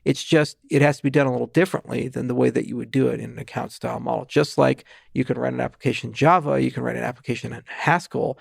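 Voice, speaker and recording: Gravelly man explaining at length. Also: mid-range voice, fairly even intonation, no echo, studio quality. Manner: fast, technical explaining with asides and restarts. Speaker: guest, blockchain founder. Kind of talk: podcast interview.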